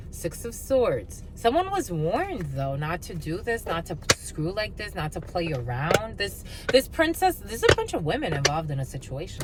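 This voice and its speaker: A woman's voice: fairly low pitch, heavy background noise. A woman doing a casual, blunt and profane tarot reading, laughing often. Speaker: tarot reader.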